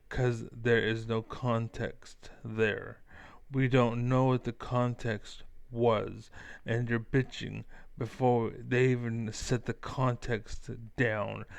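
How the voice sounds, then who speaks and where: A man's voice: mid-range voice, vocal fry, smooth, no room sound. A man streaming a heated, profane reaction rant, talking back to a clip. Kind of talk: ranting reaction commentary.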